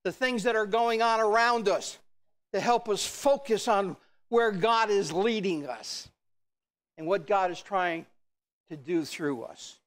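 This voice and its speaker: A man preaching a church sermon in a strikingly high voice, driving his points home with force. He swells into shouted declarations, then drops back to a measured, steady delivery. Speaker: pastor.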